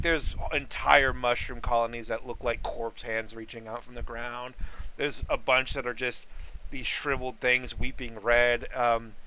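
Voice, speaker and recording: A man narrating as game master, describing scenes in a halting way with many fillers. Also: mid-range voice, pushed and bright, rough recording.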